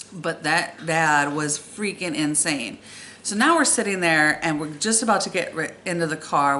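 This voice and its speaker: A young woman with a bright, forceful voice sitting a little low in pitch. She tells a story from her own life with animated exasperation. There is a faint hiss of background noise. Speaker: storytime vlogger. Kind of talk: casual storytelling.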